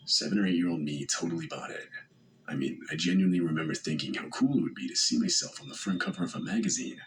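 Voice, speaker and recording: A man narrating a first-person horror story in a steady, measured way. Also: deep voice, rough recording. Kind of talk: scripted narration.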